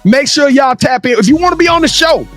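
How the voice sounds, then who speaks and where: A male podcast co-host giving an energetic, sing-song, shouting sign-off to the show. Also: very high-pitched, quick pace, faint music behind. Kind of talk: hype outro, sign-off.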